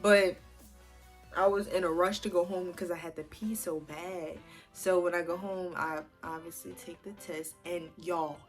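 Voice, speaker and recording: Soft music plays as a woman in her twenties, a vlogger, relates a personal story to her viewers in a casual, animated way, cursing freely. Her voice has a fairly low pitch, fairly even intonation, and a slightly slow pace.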